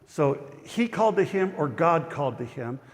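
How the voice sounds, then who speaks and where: A man's voice: a little high, very animated, moderate pace. Man teaching scripture in a reverberant church. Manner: chatty and digressive, with frequent restarts. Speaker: pastor. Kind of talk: Bible study teaching.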